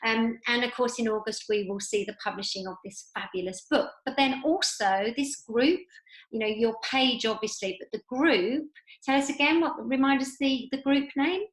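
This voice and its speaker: A woman hosting a podcast, bubbly and enthusiastic, showering her guest with praise in a slightly high voice. She sounds like she is in a roomy, echoey space. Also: normal speed. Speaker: podcast host. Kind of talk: casual podcast interview.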